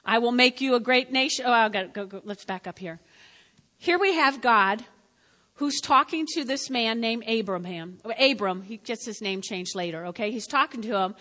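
A woman pastor preaching a sermon to her congregation. She speaks emphatically, repeats her key lines, and swings between loud and quiet. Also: a little high, animated, moderate pace. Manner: emphatic and repetitive, addressing the congregation directly. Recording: long reverb of a church hall.

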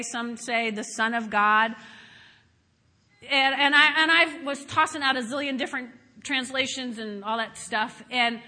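A woman pastor preaching a sermon, telling stories in an animated way, moving from hushed asides to shouted praise. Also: a little high. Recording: long hall reverb.

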